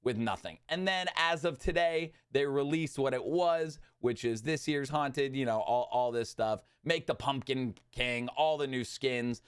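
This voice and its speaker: A young man giving an agitated, animated rant about a video game, swinging between loud outbursts and muttered asides. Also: mid-range voice, unhurried, few pauses, clear, resonant tone. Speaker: gaming commentator. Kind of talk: exasperated gaming rant.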